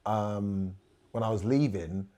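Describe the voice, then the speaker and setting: A middle-aged man, a podcast guest telling animated anecdotes and acting out the quoted lines. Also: on the low side, takes it slowly.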